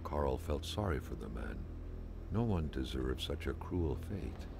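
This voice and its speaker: Wry game narrator, extremely deep, gravelly, dry and sardonic, lively rise and fall. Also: male voice, a little slow, background noise, heavily acted. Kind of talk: scripted story narration.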